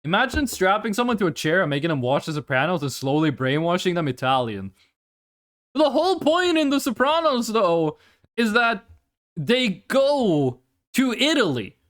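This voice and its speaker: During a live game stream recorded at home on a desk microphone, the player speaks in a mid-range voice at normal speed, chatting casually, swearing openly and letting out excited shouts.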